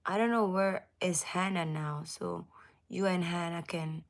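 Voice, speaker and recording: A woman hosting a casual livestream, chatting with viewers, laughing often and sometimes dropping into a soft whisper. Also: on the low side, steady tone, unhurried, creaky. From United States. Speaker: livestream host.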